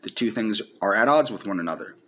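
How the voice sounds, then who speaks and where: A man's voice: lowish voice, animated, fast, bright, forceful tone, slight background noise. A man around forty giving a testy, combative solo monologue, sarcastic and full of emphatic repetition. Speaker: vlogger. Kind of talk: unscripted ranting monologue.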